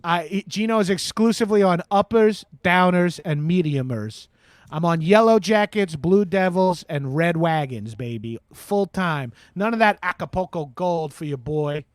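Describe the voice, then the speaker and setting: For an improvised comedy call-in show, a man takes calls in the role of a crude, swaggering radio host with a Long Island accent, boasting, cursing freely, and saying "bro" a lot. The voice is high and expressive at a moderate pace, studio-quality, with no room sound.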